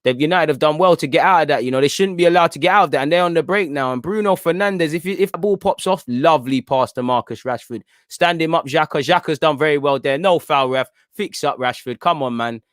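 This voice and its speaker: A man's voice: fairly high pitch, fast, hardly any pauses, no echo, studio quality. A young man giving live, chatty fan commentary on a football match, pleading with players and the referee as play goes on. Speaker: host of a football watchalong stream.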